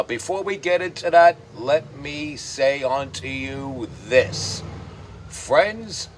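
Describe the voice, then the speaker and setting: A man's voice: on the high side, slight background noise. A man hosting his own show, delivering a profane, sarcastic ranting commentary. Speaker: host.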